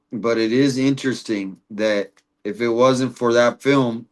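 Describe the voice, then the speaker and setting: A man's voice: medium pitch, a bit bright. A man hosting a casual livestream, rambling and reading viewer comments aloud. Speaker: livestream host.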